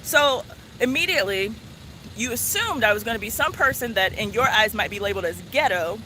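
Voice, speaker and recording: Bright-voiced woman vlogger, earnest and animated. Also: fairly high pitch, fairly quick, slight background noise. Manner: earnest, animated, conversational, with frequent "like" fillers. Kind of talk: casual storytelling vlog.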